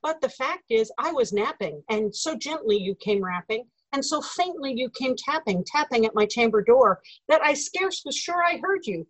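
A woman giving a dramatic poetry recitation, theatrical and swinging between hushed lines and loud outbursts. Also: fairly high pitch, lively intonation, moderate pace, few pauses, no echo, poor audio.

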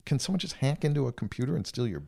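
Male radio host, animated talker with a wide pitch range, quick to laugh. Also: gravelly, husky. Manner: laughs often, animated storytelling. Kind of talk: casual morning-show banter.

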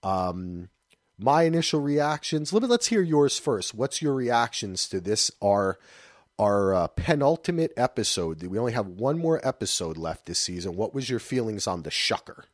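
A man in his thirties hosting a podcast, chatting casually and loosely, with animated asides. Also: lowish voice, moderate pace, no room sound, studio quality. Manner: loose, rambling, breaks into animated voices for anecdotes. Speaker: podcast host.

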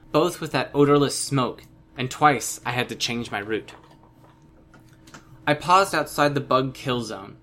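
A man reading a first-person novel aloud as an audiobook narrator, steady and measured. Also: mid-range voice, slight background noise.

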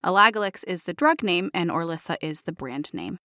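A woman's voice: lowish voice, expressive, brisk, bright, forceful tone, no room sound, studio quality. Bubbly woman podcast co-host. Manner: bubbly, jokey, laughs a lot. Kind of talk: casual podcast chat.

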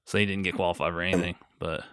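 A young adult man co-hosts a podcast, telling stories in casual chat with lots of swearing and mocking others in quoted voices. His voice sits low, flat, very fast and fairly bright, recorded dry with clean studio sound.

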